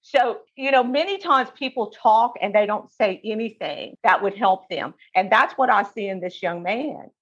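A woman's voice: medium pitch, expressive, moderate pace, few pauses, fairly bright tone, husky. Female co-host, earnest and preacherly, slightly lo-fi sound. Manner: earnest, preacherly, repeats words as she thinks. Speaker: co-host of a Christian commentary show. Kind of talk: casual commentary.

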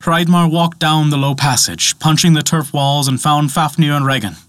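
A man narrating a myth as a storyteller, with expressive, dramatic delivery. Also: fairly high pitch, moderate pace, dry recording.

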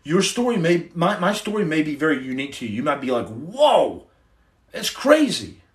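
Earnest preachy man, fairly high voice. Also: lively intonation, fast talker. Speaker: livestream host. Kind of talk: casual livestream testimony.

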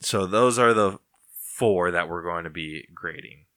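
A man co-hosting a casual podcast chat, relaxed and opinionated, laughing easily. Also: deep voice, measured pace, no echo, studio quality. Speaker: podcast co-host.

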